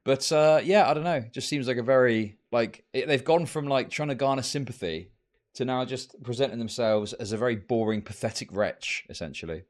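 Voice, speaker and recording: A man's voice: medium pitch, a little fast. A young man streaming, ranting sarcastically about social media posts and swearing often. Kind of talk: ranting livestream commentary.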